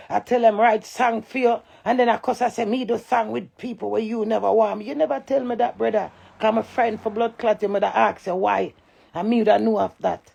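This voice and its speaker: A middle-aged woman with a Jamaican accent, ranting loud and cantankerous on a live stream and swearing in patois. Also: mid-range voice, vocal fry, breathy edge, lo-fi sound. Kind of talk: heated live-stream rant.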